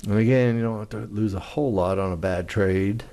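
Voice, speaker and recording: Casting: male trading instructor, low voice with a gravelly edge, casual screen-share explainer. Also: fairly quick, dark tone. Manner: casual, conversational, acts out trader frustration.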